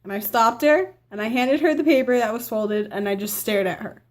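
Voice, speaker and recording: Talking fairly quickly in a fairly high voice, a teenage girl vlogs a personal story in a rambling, chatty way. Fillers and restarts crop up throughout, and she voices family members' lines in quotes.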